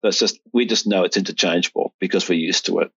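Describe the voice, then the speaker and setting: A middle-aged man with an Australian accent talks in a relaxed, rambling way, restarting sentences often. His voice sits very low and sounds husky. The recording is dry and lo-fi. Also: quick pace, no echo. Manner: rambling, many restarts and fillers. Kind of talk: casual conversation. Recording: dull, lo-fi sound.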